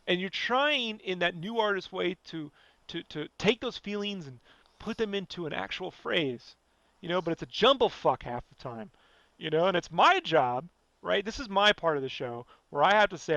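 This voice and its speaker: A man with a high, bright voice rants bluntly on his own podcast, swearing freely and circling back with "you know" again and again. The sound is dry and dull, like a lo-fi home recording. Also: expressive, moderate pace, creaky, no echo. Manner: blunt, profane, rambling, fillers like "you know". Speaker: podcast host. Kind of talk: casual podcast rant.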